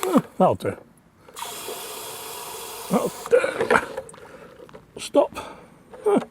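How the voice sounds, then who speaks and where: A man with a high-sitting voice chats casually while tending his allotment plot outdoors, muttering asides as he works. He's an allotment gardener vlogger, and there's a slight hiss or hum in the recording.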